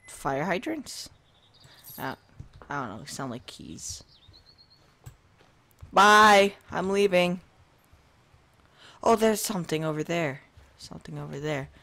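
A gaming video host giving casual let's-play commentary into a desk microphone at a home setup, chatting to viewers and reacting out loud to jump scares. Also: mid-range voice, gravelly. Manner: talks to the viewers and to himself while playing.

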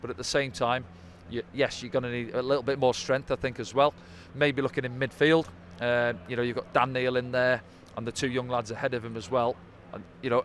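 A man talks football at a quick clip, breaking down a match casually and tossing in little tag questions. His pitch sits mid-range. Faint traffic noise hums behind him outdoors. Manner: conversational, tag questions like "didn't they?". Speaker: football pundit. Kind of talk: post-match analysis chat.

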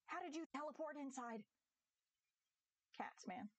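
A young woman chats away to her viewers as she plays, her voice fairly high and her talk full of giggles and stories that wander off on tangents. She sounds close to the mic in a dry, dead room. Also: expressive, unhurried, no echo, poor audio. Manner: chatty and giggly, rambling into stories. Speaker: game streamer. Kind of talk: casual chat while streaming a game.

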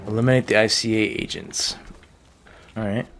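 A man's voice: on the low side, flat delivery, moderate pace, fairly bright tone, a little hiss or hum. A man giving joking, profane gameplay commentary, talking to himself as he plays. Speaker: gaming YouTuber.

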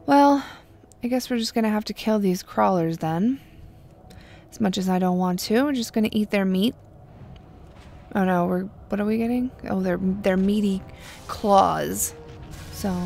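Young woman, let's-play host; unhurried, wry, gravelly voice. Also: medium pitch. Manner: chatty, wry, drops to a murmur. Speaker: gameplay video host. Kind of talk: casual let's-play commentary.

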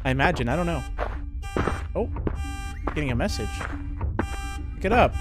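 A man giving chatty, excitable commentary while playing a horror game, reacting out loud as he goes. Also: fairly high pitch, normal speed, over loud music. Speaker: gaming YouTuber.

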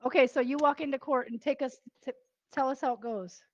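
A woman asking brisk questions as an interviewer in a casual interview. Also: high voice, steady tone, lo-fi sound.

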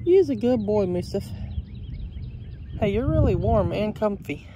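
A man talking warmly to his animals on a rural homestead, then narrating his building work. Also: high voice, lively intonation, measured pace, pauses often, noisy background. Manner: affectionate baby talk to animals, then practical narration. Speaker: homesteading vlogger. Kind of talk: casual vlog talk to animals and camera. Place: outdoors on a rural farm.

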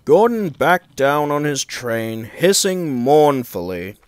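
A man reading a storybook aloud in a measured, expressive way. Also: a little high, clean tone, no room sound, clean studio sound. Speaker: storybook reader. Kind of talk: storybook narration.

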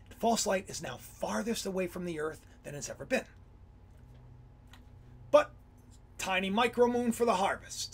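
A man hosting a casual livestream about Bible symbolism, rambling and excitable, often breaking off mid-sentence. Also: sits high. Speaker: livestream host.

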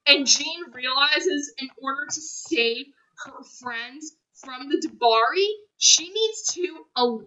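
Bright, high-voiced woman gushing about a film. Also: slow, few pauses, muffled recording. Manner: gushing, emotional, repeats phrases. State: choked up, near tears. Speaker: film reviewer. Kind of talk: casual spoiler review monologue.

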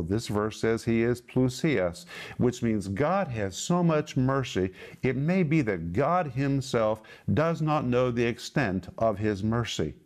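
A man delivers a televised Bible teaching in a mid-pitched voice. He speaks emphatically and stretches out the key words as he explains Greek terms. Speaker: pastor.

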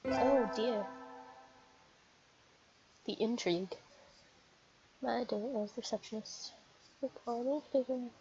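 Mujer bromista comentando un videojuego. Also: female voice, fairly high pitch, slow, long pauses, a little mellow, husky. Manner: amused, joking asides. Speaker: let's player. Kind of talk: casual gameplay commentary, reading game text aloud. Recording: muffled with game music behind.

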